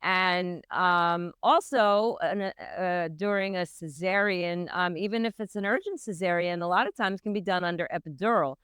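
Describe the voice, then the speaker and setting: A woman from Philadelphia talks as a guest midwife, restarting sentences and filling pauses as she explains. Her voice is very smooth and crisp. The sound is close and dry. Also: fairly low pitch, fairly bright tone, dry recording. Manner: hesitant, many restarts and fillers. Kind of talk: casual interview.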